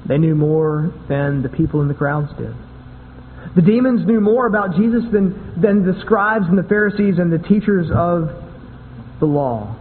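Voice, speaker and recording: A man's voice: sits high, moderate pace, a little hiss or hum. A man preaching a sermon in a conversational way, often repeating and restarting words. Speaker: pastor. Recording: tinny phone-like sound with long hall echo.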